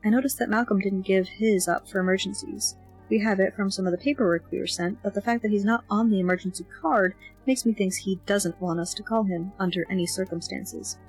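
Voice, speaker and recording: A woman narrates a first-person novel in an expressive, lively audiobook reading. Her voice sits at an ordinary middle pitch. Faint background music runs softly beneath her. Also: a little fast, slightly rough, poor audio.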